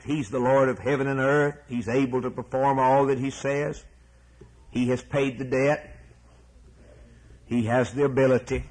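A man's voice: medium pitch, husky, low-quality recording. A man preaching a sermon, emphatic and repeating key words, then closing in a prayer.

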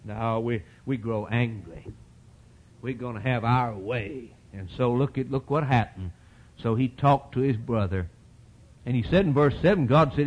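Man, preacher, impassioned sermon, very animated pitch, folksy repetition, loud peaks and hushed asides. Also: moderate pace, slightly rough, dull audio. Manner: impassioned, swings from loud rising peaks to low quiet asides.

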